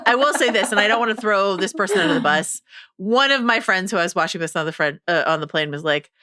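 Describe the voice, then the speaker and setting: Bright, wry woman podcast co-host. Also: medium pitch, animated, fast talker, dry recording, studio quality. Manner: wry, joking, hands out the categories. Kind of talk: casual chat.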